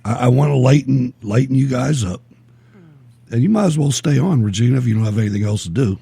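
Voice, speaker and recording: Gravelly, husky talk radio host. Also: male voice, mid-range voice, quick pace. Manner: blunt, animated, laughs often. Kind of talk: call-in talk radio chat.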